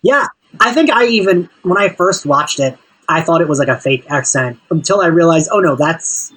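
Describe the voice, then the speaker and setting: A podcast host telling stories in relaxed, casual chat, full of fillers. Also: medium pitch, moderate pace, husky, distant mic, low-quality recording. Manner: relaxed storytelling, filler-heavy.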